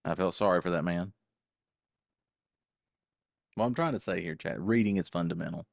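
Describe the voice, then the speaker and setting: A man's voice: sits low, moderate pace, vocal fry, no echo, clean studio sound. An older man co-hosting a podcast, joking in a folksy way and talking to his chat. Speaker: co-host. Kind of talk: casual podcast banter.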